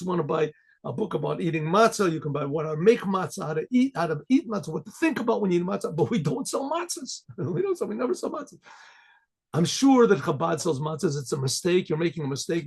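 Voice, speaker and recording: A man voicing an insistent, exasperated bookstore clerk within his story, with a raspy, high voice. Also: darkish tone, exaggerated voice. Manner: insistent, repetitive.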